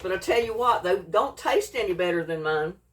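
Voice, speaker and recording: A woman's voice: lowish voice, expressive, fairly quick, distant mic. A woman, chatting folksily in a home cooking vlog and tasting her food as she talks. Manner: folksy, chatty, eats while talking.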